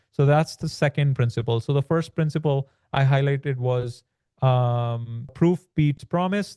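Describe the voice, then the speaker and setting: A man's voice: medium pitch, mellow, clean tone, no echo, clean studio sound. A man, a podcast guest, explaining in casual talk and often dropping "like" and "right?". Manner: explanatory, peppers speech with "like" and "right?". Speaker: podcast guest, land business author. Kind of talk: conversational podcast interview.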